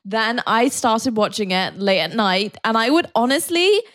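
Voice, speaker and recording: A woman's voice: on the high side, sing-song, measured pace, fairly bright tone. Giggly young woman chatting. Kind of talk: casual chat.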